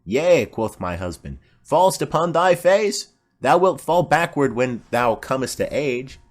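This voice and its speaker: A man's voice: mid-range voice, very animated, unhurried, pitched above the performer's own voice. A man voicing a chatty, rambling old female nurse in an audiobook play reading. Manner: rambling, garrulous.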